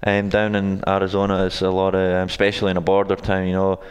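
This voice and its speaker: A young Scottish man with a very deep, even voice that rarely rises or falls. He talks in a smooth, resonant tone, stopping often with ums and restarts. The sound has a long reverb, as if in a hall. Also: quick pace. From Scotland. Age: 20s. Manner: hesitant, many ums and restarts. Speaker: guest, college soccer coach. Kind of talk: casual interview answers.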